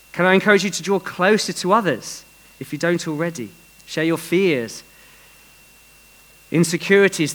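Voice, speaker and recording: Earnest preacher, slightly high voice. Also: male voice, a bit bright, low-quality recording. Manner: earnest, with some restarts. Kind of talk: sermon with storytelling.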